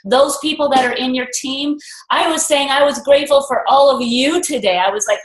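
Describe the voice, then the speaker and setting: A woman's voice: sits high, brisk, reverberant, poor audio. A woman leading a network marketing group on a video call, talking earnestly in a rambling, motivational way and repeating affirmations with emphasis.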